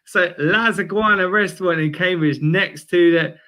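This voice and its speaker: A young man talking football in an energetic, slangy casual chat, calling everyone mate. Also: sits high, moderate pace. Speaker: guest fan. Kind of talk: casual fan chat stream.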